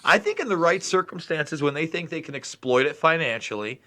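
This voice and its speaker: A man's voice: a little high, expressive, fairly quick, fairly bright tone. A man hosting a podcast, chatting casually and animatedly about fighting sports, swearing freely and laughing often. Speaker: podcast host.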